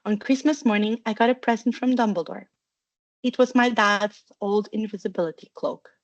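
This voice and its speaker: A woman voicing a quiet, earnest young schoolboy wizard who gives plain, subdued replies in a storybook reading. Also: mid-range voice, steady tone, moderate pace, no room sound, lo-fi sound, lightly acted.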